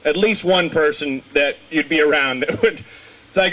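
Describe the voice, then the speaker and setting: A young man doing a stand-up comedy set, telling rambling stories and breaking into shouted impressions. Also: fairly high pitch, normal speed. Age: young adult. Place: small comedy show venue.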